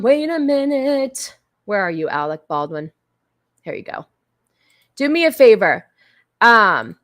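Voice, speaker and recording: A woman hosting a casual livestream who chats with her viewers. She is blunt, crude and joking, and she thanks her supporters effusively. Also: a little high. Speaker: livestream host.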